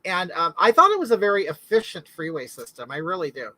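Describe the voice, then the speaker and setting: Rambly lady on a live stream chatting with viewers, bright voice, dead dry mic. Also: on the low side, very animated, fast talker, no echo, low-quality recording. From California. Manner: rambling, reads out viewer comments and answers them. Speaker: livestream host. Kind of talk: casual live chat.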